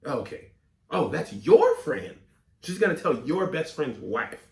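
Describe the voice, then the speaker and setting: Animated comedian in an echoey room. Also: male voice, a little high, a little slow, vocal fry. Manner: animated, mock-serious, coughing fits as a bit. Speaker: comedy advice host. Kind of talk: comedic advice show, reading letters.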